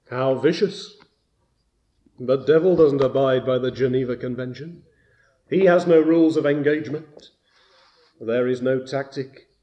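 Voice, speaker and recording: A man preaching a sermon, slow and deliberate, rising to loud emphatic bursts on key words. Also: medium pitch, muffled recording.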